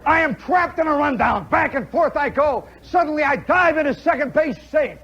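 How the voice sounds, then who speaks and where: A man's voice: very high-pitched, expressive, normal speed, creaky, a bit bright, slight background noise. A middle-aged man hosting a live radio show, telling a story animatedly to an audience and mimicking play-by-play. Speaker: radio host. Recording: dull 1960s radio broadcast recording.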